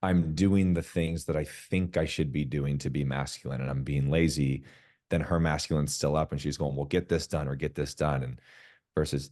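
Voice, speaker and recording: A man's voice: very deep voice, flat delivery, normal speed, darkish tone. A man, a podcast guest, talking frankly in casual conversation, swearing freely and acting out quoted dialogue in other voices.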